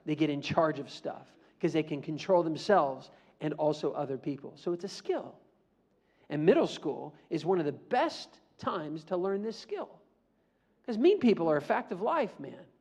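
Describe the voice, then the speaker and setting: With a fairly high, slightly rough voice at normal speed, a motivational speaker entertains students at a school assembly. His talk is playful and animated, and he keeps inviting the audience to respond.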